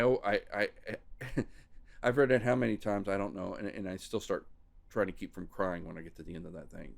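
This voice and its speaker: A man's voice: sits low, gravelly. A man hosting a podcast, chatting casually and rambling about books, often restarting his sentences. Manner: rambling, restarting, self-interrupting. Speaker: podcast host.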